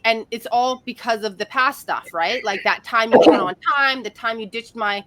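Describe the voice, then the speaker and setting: A woman's voice: on the high side, normal speed, few pauses, fairly bright tone. A woman relationship coach talking candidly and animatedly in a casual podcast conversation, laughing often.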